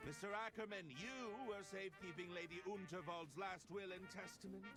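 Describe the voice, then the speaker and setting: A man's voice: high-pitched, brisk. An actor playing a grandiose, pompous male detective in a video game, with an unplaced foreign accent. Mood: grandstanding. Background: game music.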